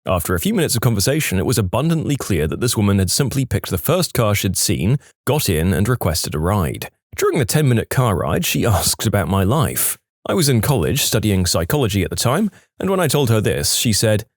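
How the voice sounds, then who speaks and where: Low-voiced, lively man narrating stories. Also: a little fast, few pauses, dry recording, studio quality. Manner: lively, expressive storytelling. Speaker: story narrator. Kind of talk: scripted narration of online stories.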